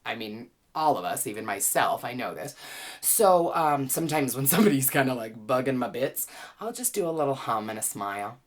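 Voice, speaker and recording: A woman teaching a well-being class, gently and playfully guiding listeners through calming exercises with easy laughs. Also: very deep voice, a little fast. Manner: playful, chatty, laughs easily. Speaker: wellness teacher and author.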